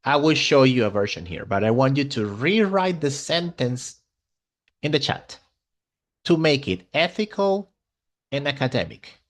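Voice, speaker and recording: A male English teacher, a native Spanish speaker, giving an online class in an enthusiastic, expressive way. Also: medium pitch, measured pace.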